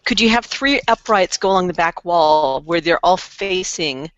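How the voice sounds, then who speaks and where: A woman on a casual group video call, brash and animated, swearing freely. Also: fairly low pitch, normal speed, no room sound, highs cut off. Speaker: panelist.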